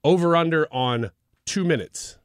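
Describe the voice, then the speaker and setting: A man's voice: a little high, measured pace, clear, resonant tone, dry recording. A man hosting a radio talk show, chatting casually and playfully quizzing his co-host. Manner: playful quizzing, laughs easily. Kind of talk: casual chat. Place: radio studio.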